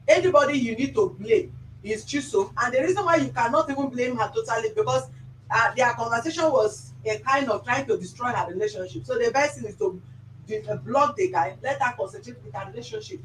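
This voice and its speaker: A woman's voice: fairly high pitch, a little hiss or hum. A Nigerian woman hosting a mediation session, firm and lecturing, giving commands. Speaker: mediator host. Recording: roomy office sound from a distance.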